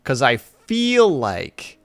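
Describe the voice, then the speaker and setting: A male streamer chats with his viewers in a loose, rambling way and pokes fun at himself. His pitch jumps around a lot as he talks. Faint music plays quietly under his voice. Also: wildly swooping pitch, extremely slow, dry recording. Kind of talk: casual live-stream chat.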